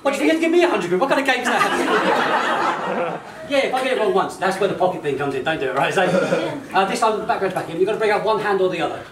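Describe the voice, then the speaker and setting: A man's voice: high-pitched, sing-song, very fast, far from the mic. A man performing a live comedy magic show, teasing and bantering with volunteers. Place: large indoor hall with an audience. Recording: roomy hall, voice from afar, audience noise.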